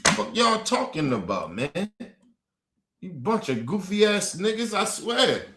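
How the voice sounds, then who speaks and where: A man ranting angrily and profanely on a livestream, repeating himself and breaking into shouts. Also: sits high, sing-song, unhurried. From Baltimore. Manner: angry, profane, repetitive, shouting bursts. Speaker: streamer. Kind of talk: heated livestream rant. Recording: roomy echo.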